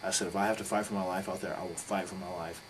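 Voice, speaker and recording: A middle-aged man telling a story in a casual interview, swearing freely and acting out quotes with sudden loud bursts. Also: sits low, level tone, very fast, soft background music, rough recording.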